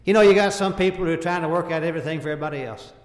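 A man delivers a sermon in a fairly high voice, pressing each point in short, earnest phrases and slipping into King James wording when he quotes scripture. His voice rings out in a roomy hall with a long reverb tail. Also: racing. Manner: speaks in short emphatic phrases, voice rising and falling in volume. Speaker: preacher.

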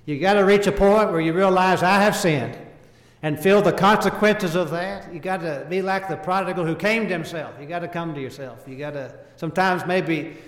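A man's voice: high-pitched, fairly quick, hardly any pauses. A man preaching a sermon in short, emphatic phrases, quoting scripture in old-fashioned wording. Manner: earnest, quotes scripture in King James wording; speaks in short emphatic phrases, voice rising and falling in volume. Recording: echoey hall with long reverb.

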